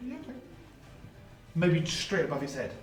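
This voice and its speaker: A man's voice: on the high side, very animated, normal speed, faint music behind. A man playing a tabletop game, talking in an offhand, mumbling way. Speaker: player. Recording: echoey room.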